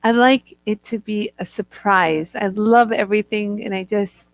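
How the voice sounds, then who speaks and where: A woman hosting a live product show, chatting warmly and talking straight to viewers in the chat. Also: mid-range voice, fairly even intonation, measured pace, no room sound.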